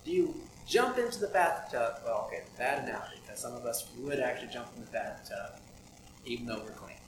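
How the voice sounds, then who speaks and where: A man's voice: mid-range voice, lively intonation, a little fast. A man preaching a sermon in a conversational way, asking many rhetorical questions. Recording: echoey room with audible background noise.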